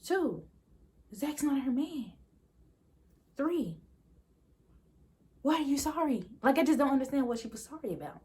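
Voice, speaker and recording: Animated, opinionated woman recapping TV. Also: sits high. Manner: animated, opinionated, acts out characters' lines in quick voices. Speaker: YouTube TV recap host. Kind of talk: casual TV recap commentary.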